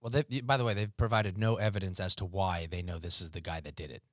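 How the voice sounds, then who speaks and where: A man with a very low voice co-hosts a podcast, blunt and offhand in his remarks. His voice sits close and dry, with no room around it. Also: fairly even intonation, fast talker, no echo. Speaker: podcast co-host. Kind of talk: casual chat.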